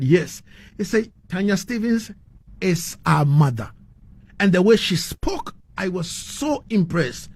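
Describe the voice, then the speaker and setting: A man hosting a radio interview, effusive and warm in his praise, often repeating words as he gathers his thoughts. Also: high-pitched. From Ghana. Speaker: radio show host.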